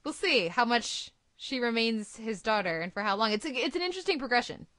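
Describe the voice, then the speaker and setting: Female podcast host, higher voice, quick, talkative. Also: animated, a bit bright, dry recording. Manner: quick, laughs easily, talkative. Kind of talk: casual TV discussion.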